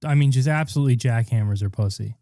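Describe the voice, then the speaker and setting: Male co-host, dark mellow voice, dry close mic, rambling profane storyteller. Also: medium pitch, quick pace, no echo. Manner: rambling, profane, animated retelling with quoted voices. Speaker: podcast co-host. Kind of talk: casual crude storytelling chat.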